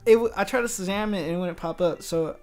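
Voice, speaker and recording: A man hosting a casual interview, telling stories with animated, acted-out quotes and plenty of slang. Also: high-pitched, fast, faint music behind. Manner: animated storyteller who acts out quoted dialogue. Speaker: interview host.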